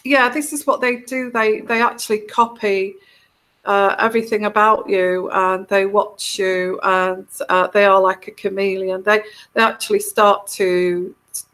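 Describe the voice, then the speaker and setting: English woman, mixed north-south accent, very slow and soothing, rambling live-stream host. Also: mid-range voice, steady tone, fairly bright tone. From England. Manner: slow, meandering, halting with many restarts. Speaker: tarot reader hosting a livestream. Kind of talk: casual live chat reading comments.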